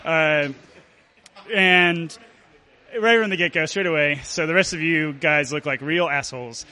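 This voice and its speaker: A man telling and reading a comic story at a live show, halting and full of fillers. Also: a little high, pushed and bright. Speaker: storyteller performer.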